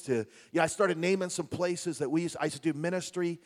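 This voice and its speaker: A pastor with a New Jersey and New York accent who preaches a sermon as a chatty story, with many restarts and asides to the congregation. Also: male voice, a little high, steady tone, fairly quick, big-room sound.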